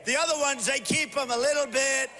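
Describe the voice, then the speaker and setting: An older man giving a punchy, repetitive rally speech to a large crowd, often shouting. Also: very high voice, fairly even intonation, a little fast. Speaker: political candidate at a rally. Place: large convention hall. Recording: echoey hall with faint crowd.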